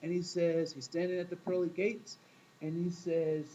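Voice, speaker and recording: A man's voice: high voice, fairly even intonation, moderate pace, dark tone, dull audio, slight background noise. A man teaching a class in a casual, storytelling way, often asking the room questions and acting out quoted voices. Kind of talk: classroom talk to students.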